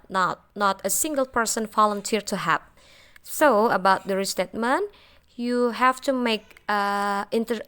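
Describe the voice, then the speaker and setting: A woman's voice: medium pitch, a bit bright. A young woman teaching an English listening lesson, explaining carefully with fillers and restarts, in non-native English.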